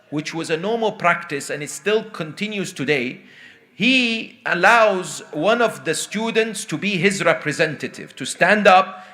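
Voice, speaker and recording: A male preacher with a high voice delivers a sermon, telling a story with dramatic dips into hushed tones and asking the congregation questions.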